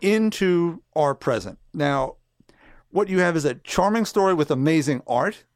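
Man, podcast co-host, steady detailed recap, slightly high voice, dry sound. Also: a little slow, no room sound. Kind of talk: casual chat, summarizing comics.

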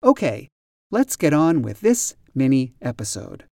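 Lively-voiced man teaching English slowly. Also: medium pitch, creaky, no room sound, clean studio sound. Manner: spells words out and stresses them deliberately. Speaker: podcast host and English teacher. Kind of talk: slow, careful teaching explanation.

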